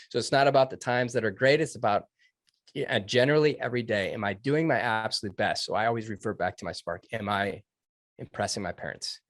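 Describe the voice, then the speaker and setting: A man recounting his military training in an interview, earnest and emotional, with halting restarts. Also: medium pitch, a bit bright, dry recording, clean studio sound. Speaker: guest, former Navy SEAL trainee. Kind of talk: personal story told in an interview.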